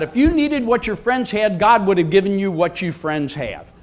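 A man's voice: high-pitched, moderate pace, few pauses. A man in his seventies preaching a sermon, emphatic and repetitive, leading the congregation in call-and-response. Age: 70s. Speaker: pastor.

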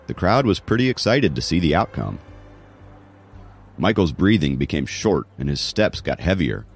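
A man's voice: low voice, breathy edge. A man narrating an audiobook in a dramatic storytelling manner. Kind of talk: scripted narration.

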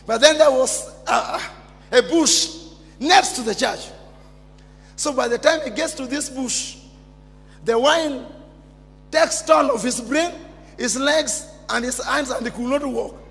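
A man preaching a sermon as pastor, emphatic and repetitive, bursting into shouts. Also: very high voice, slow pace, creaky, pauses often. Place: church. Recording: long church reverb with music behind.

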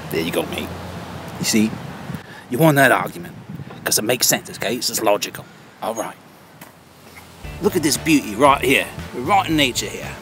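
A man playing a preachy vegan kids host. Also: mid-range voice. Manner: talks down like to small children, repeats words. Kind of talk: comedic kids-show parody. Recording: background music under voice.

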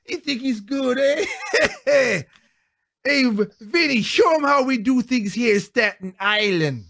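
A man's voice: extremely high pitch, lively intonation, slow pace, gravelly, fairly bright tone, pitched above the performer's own voice, heavily acted. A man voicing a swaggering mobster, mocking and taunting. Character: swaggering male Italian-American mobster.

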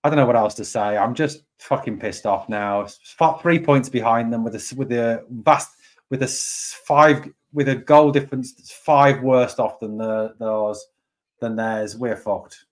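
A man's voice: medium pitch, a little slow. A man hosting a live fan stream, reacting to a match result. He sounds angry and deflated, repeats himself and swears a lot. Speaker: fan channel host.

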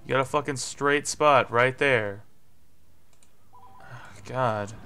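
A young man doing live gameplay commentary, swearing and getting frustrated, with sudden yelling bursts. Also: mid-range voice, slow, slight background noise. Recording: faint music behind.

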